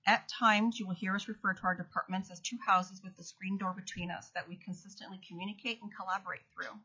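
A woman's voice: mid-range voice, flat delivery, fast, sharp tone, slightly rough. A woman, an acting state commissioner, reading prepared testimony at a hearing and correcting small slips as she goes. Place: legislative hearing room. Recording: dull lo-fi hearing audio.

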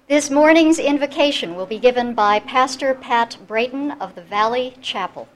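A woman presiding over a legislative session, reading formal announcements and a list of names in a measured, steady official delivery. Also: high voice, rough recording.

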